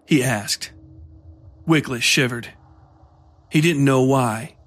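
A man reading a horror story aloud as its storyteller, in a measured, steady way. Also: mid-range voice. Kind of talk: scripted horror narration.

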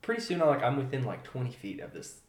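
Animated male storyteller in an echoey room. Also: medium pitch, quick pace. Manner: animated storyteller, fillers, trails off quietly. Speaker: podcast guest. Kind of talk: storytelling in casual chat.

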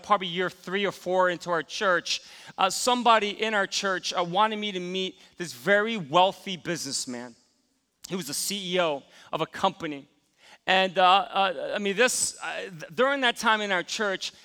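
A man's voice: sits high, sharp tone, big-room sound. A man preaching a sermon as pastor, telling a personal story and acting out his own thoughts.

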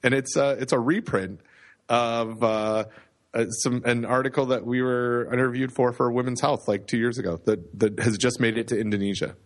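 A man's voice: medium pitch, fairly even intonation, normal speed. A Canadian man co-hosting a podcast, chatting casually and rambling with self-deprecating jokes. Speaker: podcast co-host. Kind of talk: casual chat.

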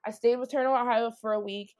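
A woman's voice: on the high side, steady tone, quick pace, a little mellow. A woman being interviewed, telling her own story in a blunt, profane way with many "like"s. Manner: blunt, profane, heavy use of "like". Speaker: interview guest. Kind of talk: candid personal storytelling.

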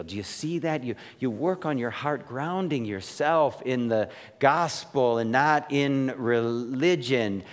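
A man's voice: mid-range voice, slow pace, hardly any pauses. A man preaching a conversational sermon. He keeps asking his listeners questions and tags his points with "right?". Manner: casual, questioning, frequent "right?" asides. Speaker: pastor. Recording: long hall reverb.

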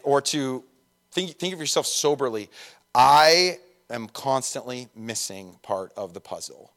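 A young man preaching a conversational sermon, chatty and joking at his own expense, with lots of "like" and "right?". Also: mid-range voice. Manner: chatty, jokey, self-deprecating, lots of fillers. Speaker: pastor.

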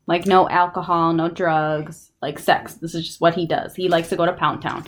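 A woman's voice: on the low side, fairly even intonation, normal speed, few pauses. Foul-mouthed woman telling a crime story. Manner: crude, joking storyteller with heavy swearing. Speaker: podcast co-host. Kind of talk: casual true-crime chat.

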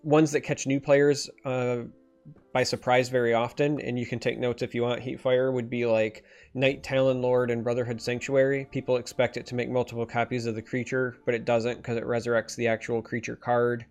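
A man's voice: medium pitch, little pitch movement, brisk, darkish tone. Chill michigan guy, kinda nasal, rambles about game stuff, faint music in back. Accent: northern Michigan. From northern Michigan. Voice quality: slightly nasal. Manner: easygoing, rambling, explains game rules at length. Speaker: stream co-host. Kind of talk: casual chat.

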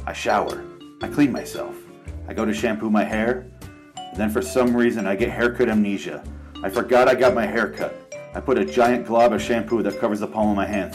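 A man with a low voice gives a mock-serious comedy confession from a shower. He plays it melodramatic and confessional, with faint music behind him. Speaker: comedy vlogger.

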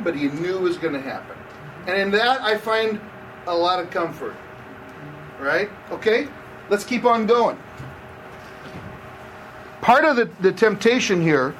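A man's voice: sits high, a bit bright, recorded from a distance, a little hiss or hum, rough recording. A man preaching a conversational sermon, asking the audience questions as he goes. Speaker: campus pastor. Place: room with seated audience.

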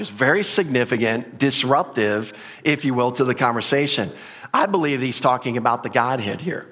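A man's voice: mid-range voice, a bit bright. A man preaching a conversational, earnest verse-by-verse sermon, often restarting his sentences. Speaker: pastor. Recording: long hall reverb.

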